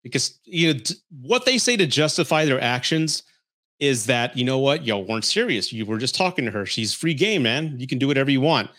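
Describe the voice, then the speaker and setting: A man hosting a podcast tells frank personal stories in a blunt, casual and profane way. His medium-pitched voice is expressive and a bit bright, and he speaks briskly.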